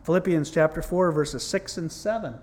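A man's voice: on the high side, normal speed, a little mellow, a little hiss or hum. A middle-aged man preaching a sermon in a conversational, earnest way, mixing scripture with his own testimony. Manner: conversational, earnest, repeats "it's like, whoa".

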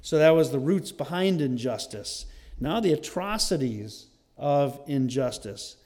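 A male preacher with a somewhat high voice delivers a sermon in a conversational but emphatic way. He stacks up repeated phrases to drive each point home, with casual asides. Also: animated, measured pace, a little mellow.

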